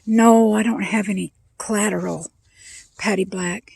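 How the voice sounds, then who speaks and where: A woman's voice: medium pitch, fairly even intonation, measured pace, creaky, a little mellow, breathy edge, no echo. A woman voicing a lovesick male frog who pleads with a bank teller for a small loan. She does him in a voice close to her own, only slightly raised. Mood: pleading. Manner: pleading, earnest.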